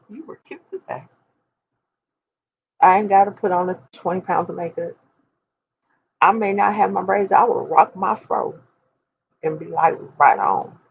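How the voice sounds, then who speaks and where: A woman's voice: on the low side, creaky, breathy edge, narrow, tinny audio. A woman of forty talking candidly and emphatically to her viewers, speaking straight to them like a preacher. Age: 40s. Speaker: host. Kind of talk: candid personal talk to viewers.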